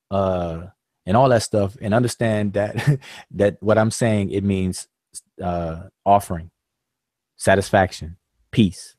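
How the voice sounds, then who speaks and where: A low-pitched man hosts a live-stream discussion, walking listeners through ideas in a patient, explanatory way. He talks loosely, with fillers and restarts. His voice sits close and dry on the mic with no room sound. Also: slow pace, darkish tone, no room sound. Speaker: host.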